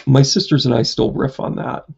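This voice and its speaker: A man's voice: mid-range voice, fairly even intonation, normal speed, creaky, a little mellow, breathy edge, highs cut off. A man, a psychic medium, chatting casually on a live stream, rambling through a story with lots of fillers and self-mocking jokes.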